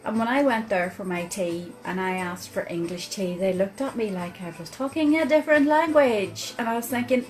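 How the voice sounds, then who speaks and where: A woman with a Northern Irish accent, telling a chatty personal story to camera as a vlogger, with many pauses and fillers. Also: medium pitch, darkish tone, faint music behind, rough recording. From Northern Ireland.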